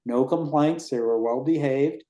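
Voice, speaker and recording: A man in his sixties giving a rambling, relaxed report on the race he organizes at a town committee meeting. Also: mid-range voice, unhurried, roomy sound. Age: 60s. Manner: rambling, relaxed, with fillers and restarts.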